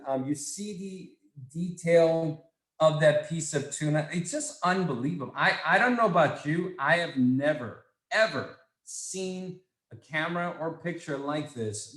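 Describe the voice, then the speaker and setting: A man leading a sales training session, talking in an excitable, repetitive, salesy way. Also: on the high side. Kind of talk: enthusiastic product training talk. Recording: echoey room.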